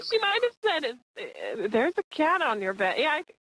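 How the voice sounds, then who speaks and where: A young adult woman telling a lively anecdote in casual podcast chat, laughing as she goes. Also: high voice, moderate pace, noisy background. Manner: animated, laughing storyteller.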